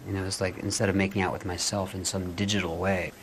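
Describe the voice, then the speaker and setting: A man's voice: sits low, level tone, fast, noisy background. A man, a film director, talking in a documentary interview in a reflective, anecdotal way.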